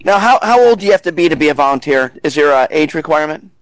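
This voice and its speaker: A man hosting a podcast, asking curious questions and reacting with quick interjections. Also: a little high, animated, no echo, poor audio. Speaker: podcast host.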